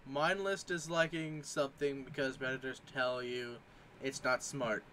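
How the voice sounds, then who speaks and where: A man's voice: medium pitch, steady tone, measured pace, bright, forceful tone, a little hiss or hum. A man in casual commentary, reading memes aloud and joking, sometimes putting on mock voices. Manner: jokey, reads captions aloud with mock voices.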